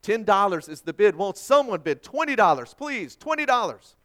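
A preacher doing a steady, insistent auctioneer who won't give up calling for bids. His voice rises high and lively with each plea. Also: moderate pace. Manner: insistent, repeating calls for bids. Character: persistent male auctioneer, calm and insistent.

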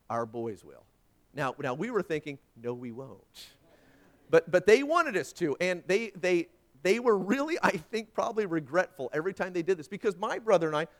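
A man preaching a sermon, telling stories and acting out the voices in them. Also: high voice. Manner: animated storytelling, acts out quoted voices. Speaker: pastor. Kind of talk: sermon with anecdotes.

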